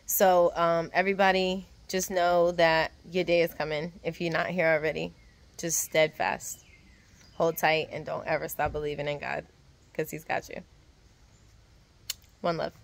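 A woman from Virginia, vlogging in a casual, excited way that turns emotional and close to tears. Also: low voice, unhurried, vocal fry, pauses often. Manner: excited, gushing. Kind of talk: casual vlog chat.

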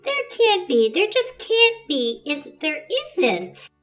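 A calm storybook mother, lower and softer than the rest of the tale, soothing and gently brushing off fears, as a woman reads her aloud. She speaks slowly. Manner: soothing, dismissive.

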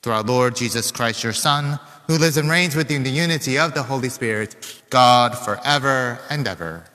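Bright-voiced priest in a reverberant church. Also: male voice, mid-range voice. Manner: measured, formal recitation. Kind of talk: liturgical prayer.

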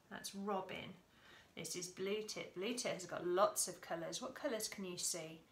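Woman teacher for a children's session, slow and sing-song with some whispering; echoey room with faint hiss. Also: mid-range voice. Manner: slow, sing-song, exaggerated and clear, with sudden soft whispers. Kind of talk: Attention Autism session for children.

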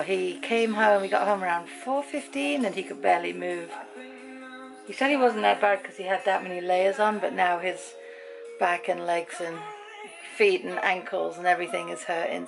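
A middle-aged British woman talks straight to her viewers at home, candid and chatty, as in a daily vlog. Her voice has a gravelly creak to it, and music plays clearly behind her. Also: lowish voice, low-quality recording. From Britain. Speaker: vlogger. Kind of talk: casual daily vlog chat.

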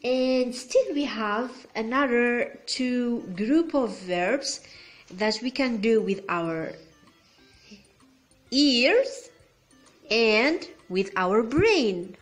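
A woman with Arabic as her first language teaching beginner English, patient and slow, spelling out words and checking "okay?" often. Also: a little high, expressive, faint music behind.

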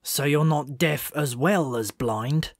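A man's voice: on the high side, takes it slowly, no room sound, studio quality. A man reading aloud, voicing a bitter, sarcastic male talking badger in a storybook.

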